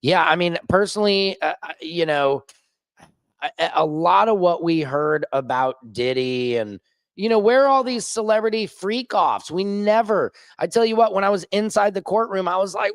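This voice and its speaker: A man talking straight to camera in a loose, animated rant, with a fairly high voice. His delivery jumps from excited, raised bursts to quick low asides. The sound is close and dry. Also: dry recording. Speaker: independent online journalist. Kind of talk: casual vlog rant. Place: rooftop.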